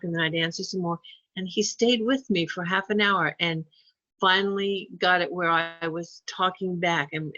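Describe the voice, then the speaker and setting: A woman with a fairly low voice tells a long personal story in a chatty, casual conversation. She gets animated when acting out what people said. The recording is muffled, with no room sound.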